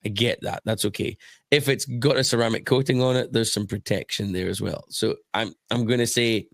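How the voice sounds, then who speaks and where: A man with a low voice hosts a casual podcast. He lays out his points in a calm, measured way. The sound is dry. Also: vocal fry, dry recording. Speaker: podcast host.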